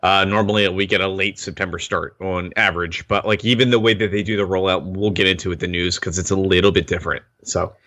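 Man, lowish bright voice, rambling casual podcast chat, dry close sound. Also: fairly even intonation, quick pace, hardly any pauses, no echo. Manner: rambling, self-interrupting, laughs often. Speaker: podcast co-host.

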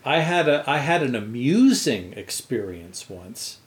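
A man co-hosts a casual podcast and tells a long anecdote. His pitch is very lively and jumps high when he acts out other people's lines. He swears freely as he talks. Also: unhurried. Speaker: podcast co-host. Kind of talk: casual storytelling chat.

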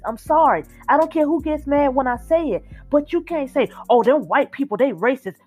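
A woman's voice: high-pitched, a little mellow. A woman co-hosting a casual talk show, opinionated and blunt, who hammers her points with repetition.

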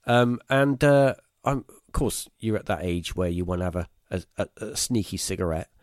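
A man, telling a story as a podcast guest in a rambling, halting way, full of fillers and restarts. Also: sits low, expressive, dry recording, studio quality. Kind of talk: casual storytelling.

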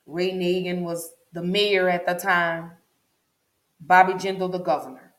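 A woman recounts a personal story straight to camera, her voice sitting low and deliberate. She leans on repetition for emphasis, and the recording carries a noticeable room echo. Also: fairly even intonation. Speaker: vlogger. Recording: echoey room.

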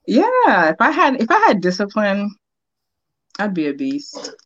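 A woman in her thirties from Boston, a real estate agent telling her story as a guest in a casual interview, candid and quick to laugh. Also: mid-range voice, huge pitch swings, fairly bright tone, no echo, lo-fi sound. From Boston, United States.

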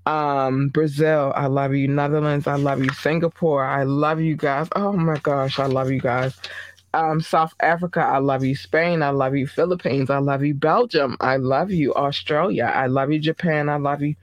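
A show host from Baltimore giving casual, effusive and affectionate shout-outs to listeners, with big playful jumps in pitch. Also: fairly even intonation, normal speed. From Baltimore, Maryland. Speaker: podcast host.

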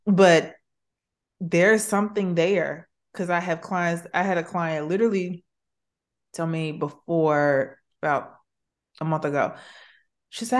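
A woman's voice: lowish voice, slow pace, long pauses. A woman hosting a faith podcast and working as a therapist, talking casually and expressively, calling her guest sis and baby. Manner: warm, expressive, uses 'sis' and 'baby'.

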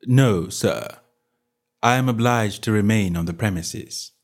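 A man voicing a reserved, disapproving male valet who speaks formally and quietly, ending lines with a clipped "sir". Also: on the low side, measured pace, voice pushed down. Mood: stiffly polite.

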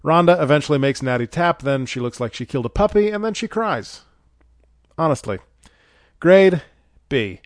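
A man's voice: on the high side, lively intonation, moderate pace, long pauses, dry recording. Sarcastic man recapping wrestling, dry sound. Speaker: podcast host reviewing wrestling shows. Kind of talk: scripted recap with sarcastic asides.

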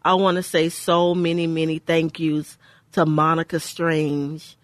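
A woman's voice: low-pitched, level tone, a little slow, no echo. A woman from Houston hosting a faith-based radio talk show, speaking with joy and emphasis and often repeating phrases. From Houston, Texas. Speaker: radio host. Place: radio studio.

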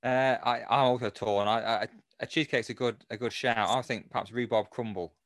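A man's voice: medium pitch, fairly even intonation, fairly quick, fairly bright tone, no room sound. A man hesitating and restarting his thoughts in casual podcast chat. His voice sits mid-range. It is recorded close and dry. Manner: hesitant, stumbles over words.

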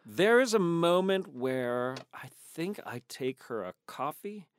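A man, an actor guest, telling lively behind-the-scenes stories in a casual interview, quoting people as he goes. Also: a little high, slow, clean tone, no room sound. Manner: animated storyteller, quotes others in changed voices.

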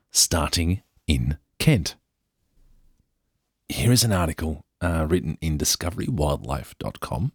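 Low husky Australian man, dry close sound. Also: no echo. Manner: jokey, self-interrupting commentary. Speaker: podcast host. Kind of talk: casual podcast reading of an article with asides. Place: indoor room.

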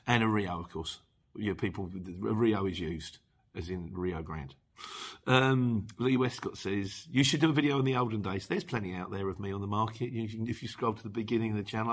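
A man's voice: lowish voice, vocal fry, slightly rough. A man, a channel host chatting casually and rambling as he reads out viewer comments.

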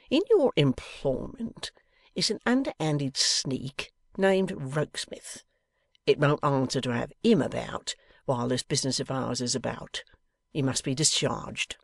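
Guy doing a creaky old crook, one wooden leg, gloating, slow and mean. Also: medium pitch, lively intonation, no echo, studio quality. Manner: menacing, deliberate, turns w for v. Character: grasping one-legged scheming male blackmailer.

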